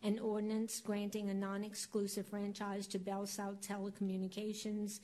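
A woman working as a council clerk, reading agenda items aloud in a formal, even tone. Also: medium pitch, normal speed, poor audio.

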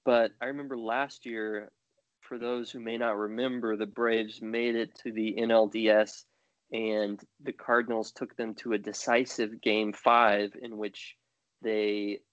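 A man tells rambling, wry stories on a podcast at a middle pitch. The sound is dull and muffled. The room is dry and close. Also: little pitch movement, measured pace, fairly bright tone, no echo. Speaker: podcast co-host. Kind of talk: casual chat.

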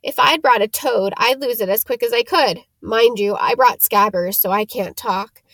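A blunt young wizard boy chats in an offhand way, quick to sound disgusted, as a woman storyteller puts him on. The recording is close and dry. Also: a little high, a bit bright, no room sound.

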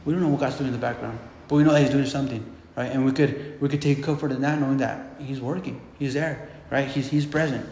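A man's voice: medium pitch, steady tone, quick pace, a little mellow. A man preaching a casual, conversational sermon, often repeating words and checking in with "right?". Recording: echoey hall with long reverb.

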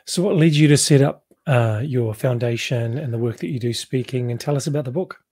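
A man's voice: mid-range voice, fairly quick, a little mellow, breathy edge. A man interviewing a guest, asking short open questions. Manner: brief encouraging questions and backchannels.

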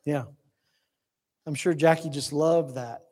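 High-voiced man preaching a sermon. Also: fairly even intonation. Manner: storytelling, swings from quick to slow and hushed. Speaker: pastor.

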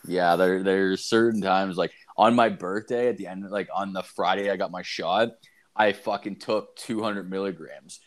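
A man's voice: sits low, fairly even intonation, moderate pace. A man co-hosting a podcast, telling rambling stories in casual, profane chat. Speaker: podcast co-host.

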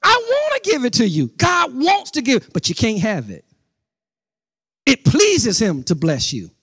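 A man's voice: very high-pitched, huge pitch swings, unhurried, a bit bright, slightly rough. A middle-aged man preaching a sermon as pastor, speaking conversationally with asides to the congregation and building into rising outbursts with repeated phrases.

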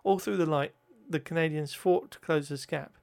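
A man's voice: on the high side, normal speed, gravelly, smooth. A man reading history notes aloud, often stumbling over words, correcting himself and adding joking asides.

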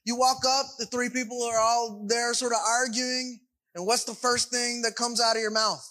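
A man's voice: very high-pitched, level tone, moderate pace, pushed and bright, rough recording. A man preaching a sermon in a conversational way, often checking in with his congregation. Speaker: pastor.

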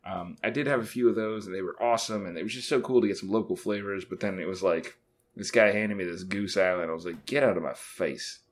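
Low-voiced man telling a rambling story. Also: fairly even intonation, fast talker. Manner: rambling anecdote with mimicked dialogue. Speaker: podcast co-host. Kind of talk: casual chat, storytelling. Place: bathroom at home.

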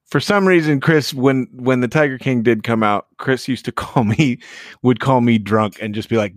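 A man's voice: mid-range voice, normal speed, dry recording, studio quality. A man hosting a comedy podcast, laughing as he tells stories and plays along with bits. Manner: laughing, animated storytelling. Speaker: podcast host. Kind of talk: casual comedy podcast chat.

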